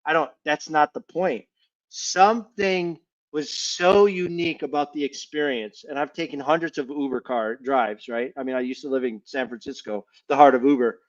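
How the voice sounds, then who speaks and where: A man's voice: on the high side, normal speed. A man talking casually on a panel, earnest and given to restarts as he tells a personal story. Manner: earnest, repeats words when restarting. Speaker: panel guest. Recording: dull muffled audio.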